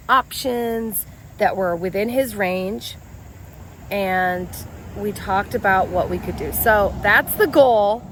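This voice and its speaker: A woman's voice: fairly high pitch, a little hiss or hum. A middle-aged woman telling a story about her stepson in a casual vlog, venting and exasperated, acting out the arguments she quotes. She sounds as if she is speaking into a phone at arm's length inside a parked car. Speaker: vlogger.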